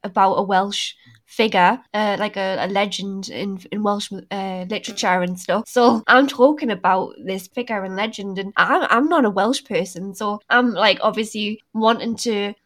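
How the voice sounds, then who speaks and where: A woman, chatting as a podcast guest in an animated way, often restarting her sentences. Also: mid-range voice, moderate pace. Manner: animated, self-interrupting, many restarts. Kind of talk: casual chat.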